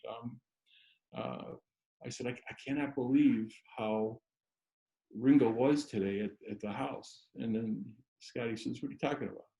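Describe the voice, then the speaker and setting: A man's voice: mid-range voice, vocal fry, dark tone, echoey room, dull audio. A man telling stories as a guest on a chat show, rambling with many restarts and fillers. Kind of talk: casual storytelling chat.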